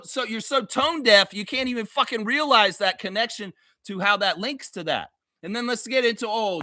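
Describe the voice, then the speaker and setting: A man hosts a sports fan livestream, ranting heatedly and sarcastically with heavy swearing before easing into loose, laughing chat. His high-pitched voice is pushed and bright, in a studio-quality recording with no room sound.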